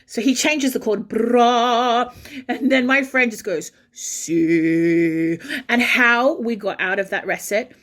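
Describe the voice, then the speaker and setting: A woman, an opera singer, telling a backstage anecdote in an animated way and breaking into sung phrases. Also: on the high side, unhurried. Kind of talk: storytelling anecdote.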